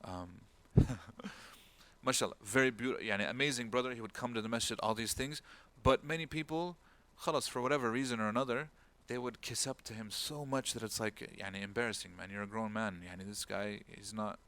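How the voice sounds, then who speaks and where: A man's voice: on the low side, fairly quick, fairly bright tone. A man giving an informal religious talk as an imam, telling a story and acting out the people in it with a raised voice, and dropping Arabic words and phrases into his speech. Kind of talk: talk-style religious lecture.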